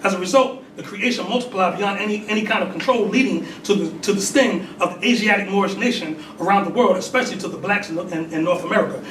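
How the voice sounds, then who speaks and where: A man's voice: sits high, fast, few pauses, a bit bright. A man in his forties preaching in a temple hall. He reads aloud, laughs between points and asks the congregation questions. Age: 40s. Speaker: religious teacher. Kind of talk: sermon with call and response. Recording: echoey hall, mic at a distance, noisy.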